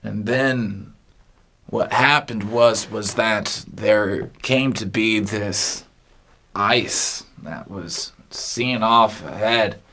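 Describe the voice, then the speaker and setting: Very slow, halting low-voiced man. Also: pushed and bright. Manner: halting, meandering, with long pauses between phrases. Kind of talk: rambling comic monologue.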